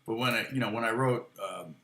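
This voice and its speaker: A man's voice: on the low side, a little fast, heavy background noise. An American man giving a casual guitar lesson, rambling and answering viewers' comments as he goes. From United States. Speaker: guitar teacher. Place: home studio. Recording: echoey room with guitar playing.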